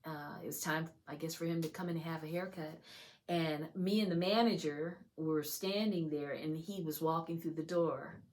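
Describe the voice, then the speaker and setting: Woman, religious testimony, chatty, exuberant, hushed whispers, many fillers. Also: low voice, moderate pace. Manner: exuberant, shifts between loud excitement and hushed whispers. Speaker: video host sharing testimony. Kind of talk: emotional religious testimony and prayer.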